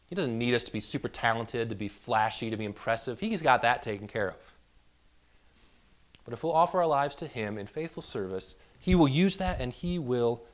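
A man's voice: medium pitch, expressive, moderate pace, lo-fi sound. A man pastoring a church, preaching a conversational sermon in an earnest, informal way and often repeating words as he builds a point.

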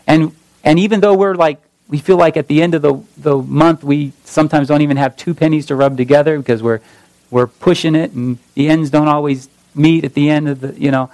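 Slightly high-voiced pastor preaching. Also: male voice, moderate pace, darkish tone, no room sound, rough recording. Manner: conversational, searching for words with many restarts. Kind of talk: sermon.

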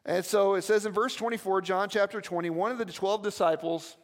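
High-voiced pastor preaching in a hall. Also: male voice, steady tone, fairly quick. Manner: storytelling, conversational with audience asides. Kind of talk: sermon. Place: church.

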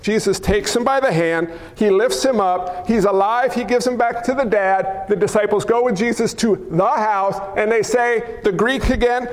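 A male pastor preaching a sermon in a church hall, wearing a mic, animated and acting out crowd cries and quoted lines. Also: high voice, moderate pace, hardly any pauses. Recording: long hall reverb.

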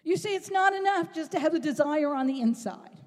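A woman preaching a sermon in an animated, rhetorical way, at times rising to a shout. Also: high-pitched, a little fast. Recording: long reverb in a large hall.

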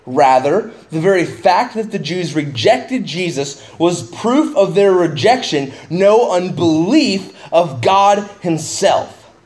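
Man preaching, slightly high voice. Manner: conversational, rising excitedly when paraphrasing Jesus. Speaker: pastor. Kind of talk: expository sermon.

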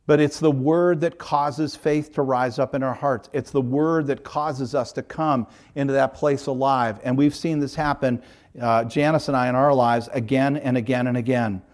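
A middle-aged male pastor delivering a sermon, his voice sitting at an ordinary pitch for a man. He preaches earnestly and with emphasis, building points through repeated parallel phrases. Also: fairly even intonation, normal speed, darkish tone.

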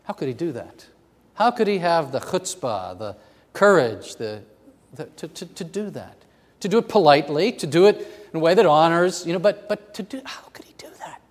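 A man preaching a sermon in a church, moving between loud, fervent passages and hushed near-whispers. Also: on the high side, animated, moderate pace. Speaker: pastor. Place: church sanctuary. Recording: long hall reverb.

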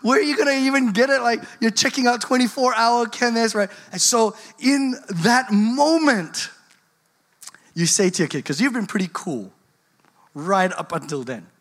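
A speaker giving a storytelling talk to parents, animated and laughing through the story. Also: mid-range voice, moderate pace.

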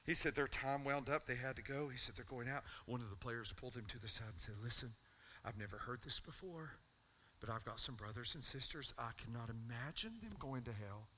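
A man's voice: medium pitch, bright, forceful tone, slight background noise. A middle-aged man, a pastor telling a personal story in his sermon and building to a fervent altar call.

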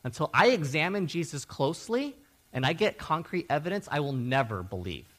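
A man voicing a skeptical male disciple who insists on proof before he will believe, with a lively, rising delivery. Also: a little high, a little fast. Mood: defiant. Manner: insistent, repeating his demand.

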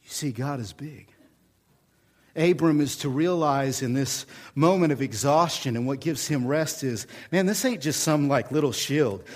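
A middle-aged pastor from Oklahoma with an Oklahoma accent, preaching a folksy, animated sermon full of humor and repetition. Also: male voice, on the high side, normal speed, hardly any pauses.

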